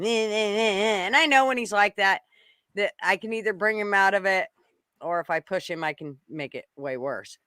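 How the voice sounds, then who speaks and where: A woman's voice: mid-range voice, moderate pace, clear, resonant tone, no echo. A woman co-hosting a live stream, casually telling a story full of swearing and laughter. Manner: laughing, profane, animated storyteller. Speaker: co-host.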